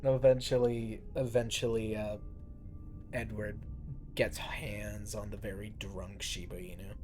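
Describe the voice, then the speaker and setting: A man narrating as dungeon master of a tabletop game, relaxed and halting, with pauses and fillers. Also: on the low side, over music.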